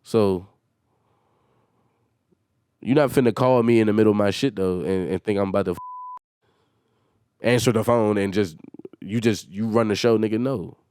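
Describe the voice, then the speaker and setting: A man's voice: on the low side, normal speed, pauses often, darkish tone, smooth, no room sound, clean studio sound. A man hosting a solo podcast, venting in a heated and exasperated way with emphatic swearing. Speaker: podcast host.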